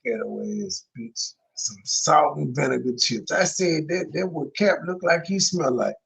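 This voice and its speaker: A man's voice: fairly high pitch, lively intonation, measured pace, vocal fry, a bit bright. A man hosting a reaction commentary, mocking and blunt, firing off rhetorical questions with plenty of profanity. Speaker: commentary host reacting to a livestream.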